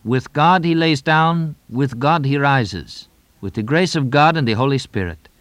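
A man voicing a grieving young man who speaks slowly and solemnly, at times like a prayer. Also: mid-range voice, a bit bright, no room sound, voice pushed up, lightly acted.

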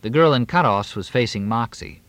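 A man reads an audiobook aloud, delivering scripted narration in a measured, expressive storytelling style. His pitch is medium, and there is no echo.

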